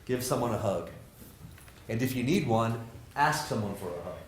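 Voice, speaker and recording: Brief: energetic male professor, jokey lecture voice, roomy hall ambience, middling pitch. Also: moderate pace, slight background noise. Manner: animated, jokey, asks the audience questions. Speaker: professor giving a talk. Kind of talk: lively motivational lecture to students.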